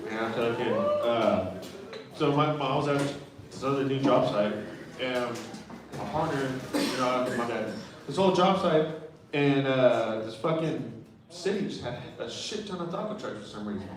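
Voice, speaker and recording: A man's voice: medium pitch, animated, normal speed. A young man doing stand-up comedy, telling loose, profane stories full of fillers in a club. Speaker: stand-up comic and emcee. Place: comedy club stage with live audience. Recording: very echoey room, far from mic, crowd.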